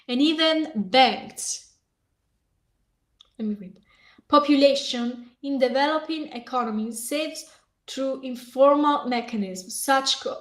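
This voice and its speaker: High-pitched woman ranting angrily. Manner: heated, profane, ranting while reading aloud. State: hoarse. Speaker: vlogger. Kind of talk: angry reaction rant.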